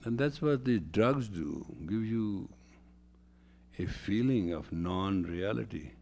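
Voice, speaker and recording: A man's voice: lowish voice, lively intonation, takes it slowly, gravelly, darkish tone. A man lecturing as a spiritual teacher, emphatic and repeating phrases for stress.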